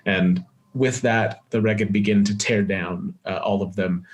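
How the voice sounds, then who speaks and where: A man narrating a tabletop game as game master, with measured description and quick asides. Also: lowish voice, steady tone.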